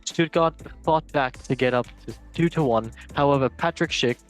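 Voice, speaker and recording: A man's voice: mid-range voice, normal speed, faint music behind. A man hosting a casual football news chat, reading headlines with jokey asides and stumbles. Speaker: show host.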